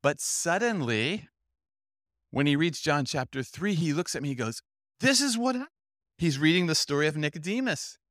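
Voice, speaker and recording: Animated male storyteller preaching in a dry room. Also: on the high side, normal speed, no room sound. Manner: animated storyteller, acts out quoted voices. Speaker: speaker at a youth Bible camp. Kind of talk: storytelling sermon.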